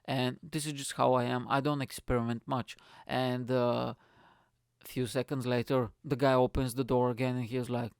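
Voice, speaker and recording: A man hosting a podcast, telling a story in an excitable, rambling way and swearing freely. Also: medium pitch, normal speed, smooth, dry recording, studio quality. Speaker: podcast host. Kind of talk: casual storytelling monologue.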